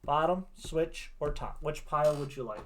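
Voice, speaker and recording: This is a chatty man who hosts a tarot livestream. His voice sits a little high for a man, and his talk is casual and reassuring, with "right?" tacked onto his points. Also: expressive, moderate pace. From Wisconsin, USA. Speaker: tarot reader and livestream host.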